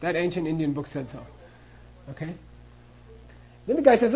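A husky, high-pitched man leads a class, acting out both sides of a debate and dropping in Tibetan phrases. The recording sounds dull and lo-fi. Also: big pitch swings, moderate pace. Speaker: Buddhist philosophy teacher. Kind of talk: teaching a class on monastic debate.

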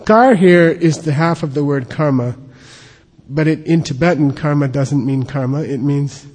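Husky male teacher in an echoing hall. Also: fairly high pitch, moderate pace, darkish tone. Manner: explanatory, checks in often with "okay?". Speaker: Buddhist teacher. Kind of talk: lecture on a scripture. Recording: long hall reverb.

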